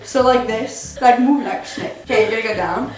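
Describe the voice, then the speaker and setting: A woman's voice: fairly high pitch, fairly quick, reverberant, faint music behind, low-quality recording. A young woman explaining dance moves to a friend in casual, playful banter, teasing and laughing often.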